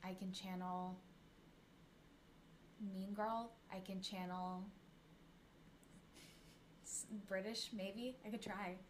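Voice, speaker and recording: A woman's voice: medium pitch, steady tone, takes it slowly, pauses often, slight background noise. A young woman co-hosting a podcast in casual, giggly, playful chat. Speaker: podcast co-host.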